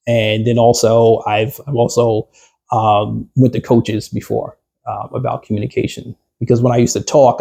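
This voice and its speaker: Man, business coach, husky mellow voice, rambling workshop chat, fillers and restarts, questions to the group. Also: medium pitch. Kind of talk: workshop talk to a small group.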